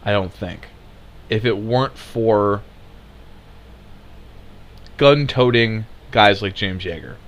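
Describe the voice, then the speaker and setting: Guy ranting hard, sarcastic, swears a lot, kinda low voice. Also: slow pace, pauses often, a bit bright, highs cut off. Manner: sarcastic, heated, swearing, laughs scornfully. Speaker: commentator. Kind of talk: angry political rant.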